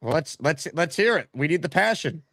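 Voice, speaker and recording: A man's voice: a little high, lively intonation, fairly quick, fairly bright tone, dry recording, clean studio sound. A man hosting a live sports talk stream, teasing his guest and reading chat messages. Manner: teasing, needling, brash. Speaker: host.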